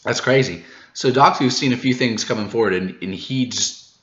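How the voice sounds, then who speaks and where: A man hosting a manga reaction video, recapping the chapter in a casual, excited way, laughing often and tripping over his words when he gets hyped. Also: medium pitch, normal speed, roomy sound, highs cut off. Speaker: manga reaction channel host.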